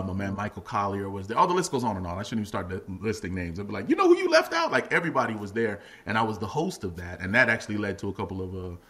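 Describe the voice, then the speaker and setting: A middle-aged man talks as a guest on a casual podcast, swinging his pitch up and down as he tells stories about his stand-up. His voice is bright and forceful, and he laughs easily between lines. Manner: animated, acts out quotes in a much higher voice, laughs often. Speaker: guest comedian and actor. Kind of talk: casual podcast interview storytelling.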